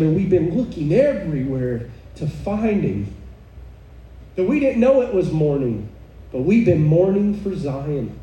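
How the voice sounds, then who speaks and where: A woman's voice: deep voice, sing-song, a little slow, warm tone, dull audio. A woman preaching a sermon to a live audience, fervent and exclaiming, with chuckling asides. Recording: echoey room, mic far off, faint noise.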